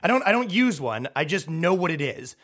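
A man's voice: on the high side, sing-song, fairly quick, fairly bright tone. A man hosting a podcast, delivering a sarcastic, profane, rambling comedic rant. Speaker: podcast host. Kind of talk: comedic monologue.

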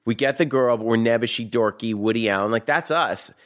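A man with a Boston accent telling a story in a fast, profane, animated way as a guest in a casual chat. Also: medium pitch.

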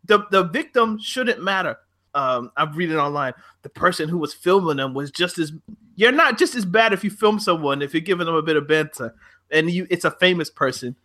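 A man's voice: on the high side, brisk. A man co-hosting a chat show, talking bluntly and getting heated, with frequent swearing. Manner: blunt, animated, swears freely. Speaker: podcast co-host.

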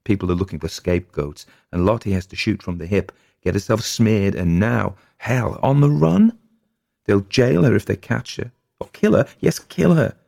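A worn-out, blunt farmhouse husband that a man reads aloud, grumbling and cursing in a deep, gravelly voice. The dry, close recording keeps every rough edge of his tired storybook speech up front. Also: normal speed, darkish tone, no room sound. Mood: weary. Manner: blunt, exasperated, swearing. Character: weary middle-aged farmhouse husband, gruff.

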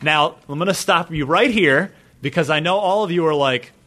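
A man hosting a gaming podcast, talking in an animated, chatty way. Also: a little high, moderate pace. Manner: animated, chatty, plugs segments. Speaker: podcast host. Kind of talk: casual podcast chat.

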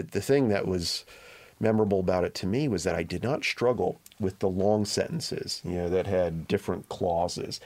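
A man with a fairly low voice speaks as a guest in a podcast interview. He tells his stories in a measured, reflective way, settling into each point. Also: darkish tone. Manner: measured, reflective anecdote-telling. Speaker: guest reporter. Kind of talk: conversational interview storytelling.

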